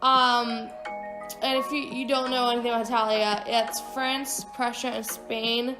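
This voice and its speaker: A woman's voice: a little high, flat delivery, unhurried. A woman of about twenty telling a casual, rambling story with frequent swearing and offhand asides. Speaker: vlogger. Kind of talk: casual storytime over a speedpaint. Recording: echoey room with background music.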